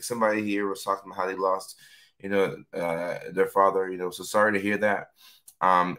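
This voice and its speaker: Hoarse, bright-voiced man. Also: low-pitched. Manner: chatty, reads out viewer comments. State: hoarse from yelling. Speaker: host. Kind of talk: casual live-stream talk.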